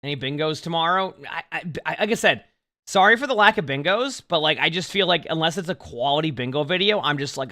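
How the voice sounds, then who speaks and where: A man's voice: on the high side, expressive, brisk, bright, forceful tone. A young man streaming, chatting casually with viewers in a rambling way full of restarts. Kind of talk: casual livestream chat.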